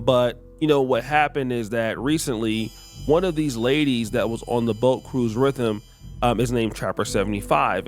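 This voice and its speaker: A man hosting a podcast, casually walking listeners through celebrity gossip and the clips he shows. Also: mid-range voice. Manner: conversational, narrating clips to viewers. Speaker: podcast host.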